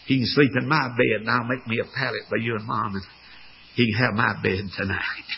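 A man preaching a sermon, voicing a kind, poor little girl who offers her soup and bed, with a raspy voice. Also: medium pitch, steady tone, a little fast, lo-fi sound, slight background noise, voice pushed down, natural voice. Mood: pleading.

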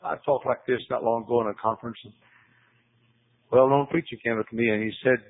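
Gravelly preacher on tinny radio. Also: male voice, fairly even intonation, quick pace, no room sound. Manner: emphatic, repetitive, pitch climbing on key words. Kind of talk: sermon. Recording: tinny phone-like radio broadcast.

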